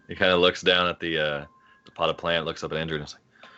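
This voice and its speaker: A man playing a tabletop game, laid-back and quick to laugh. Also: low voice, flat delivery, sharp tone, clear, resonant tone, dull audio. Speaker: player. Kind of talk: casual tabletop play.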